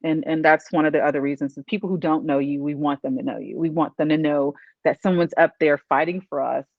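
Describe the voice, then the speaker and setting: A man's voice: a little high, fairly even intonation, quick pace, gravelly, no room sound, phone-quality sound. A man hosting an interview, talking casually with lots of you-knows and restarts. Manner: rambling with many fillers and restarts. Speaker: interview host, event organizer.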